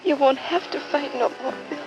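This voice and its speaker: A devoted young wife, played by a woman, comforts her man in a soft, soothing, high voice. It comes through as a dull old film soundtrack with clear music playing behind. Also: moderate pace, lightly acted. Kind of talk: 1940s film acting.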